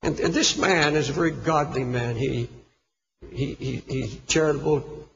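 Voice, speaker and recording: A man's voice: mid-range voice, moderate pace, creaky. A man preaching a sermon, telling a story with fervent, impassioned delivery. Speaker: pastor. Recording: echoey hall, dull lo-fi recording.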